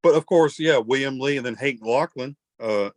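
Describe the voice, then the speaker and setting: A man's voice: medium pitch, moderate pace, no echo. A man hosting an interview, chatting in a rambling, folksy, self-deprecating way. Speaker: host. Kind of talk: casual interview chat.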